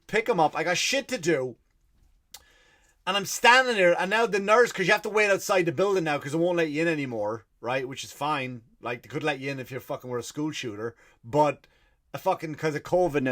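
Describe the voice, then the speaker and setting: A man's voice: fairly high pitch, a bit bright. A middle-aged man, hosting a comedy podcast and telling an exasperated, profane story as a ranting monologue.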